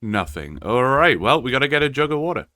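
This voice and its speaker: A man's voice: mid-range voice, very animated, fairly quick, bright, forceful tone, no room sound. Wry man doing dry gameplay commentary. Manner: casual, wry, explanatory. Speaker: gaming video creator.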